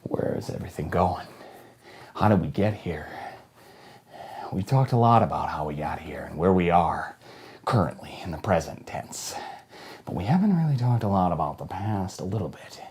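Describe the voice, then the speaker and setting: A man hosting a comedy show, delivering a profane, conspiratorial monologue that swings from hushed near-whispers to loud manic shouting. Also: low voice, big pitch swings, normal speed, slightly rough.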